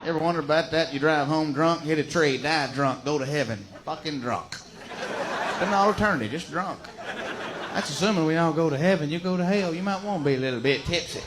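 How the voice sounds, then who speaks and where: A man's voice: fairly high pitch, fairly quick. A man doing a rowdy, profane stand-up routine in a drawl. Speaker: stand-up comedian. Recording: loud noisy live recording.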